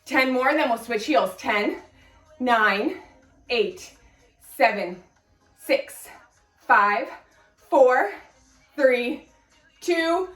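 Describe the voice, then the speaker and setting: A woman's voice: fairly high pitch, animated, very slow, pauses often, fairly bright tone, roomy sound, recorded from a distance, faint music behind. A woman fitness instructor leading a guided workout, cueing form and counting reps in an encouraging way, a little out of breath.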